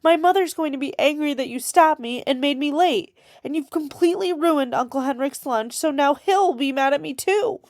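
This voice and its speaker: A woman voicing a spirited, quick-witted young girl who chatters and pushes back boldly. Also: medium pitch, animated, no room sound, clean studio sound, close to an everyday voice. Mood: crying. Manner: chattering, then defiant and tearful.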